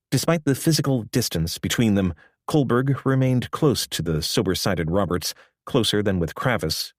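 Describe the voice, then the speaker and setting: A man narrating a nonfiction audiobook in a measured, even storytelling manner. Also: fairly low pitch, no echo. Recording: dry close studio recording.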